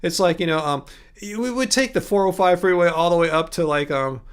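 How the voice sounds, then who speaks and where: A man's voice: sits high, fairly quick, clear, resonant tone. A man in his fifties hosting a casual livestream. He chats in a rambling way, reads viewer comments aloud and thanks viewers by name. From California. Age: 50s. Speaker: livestream host.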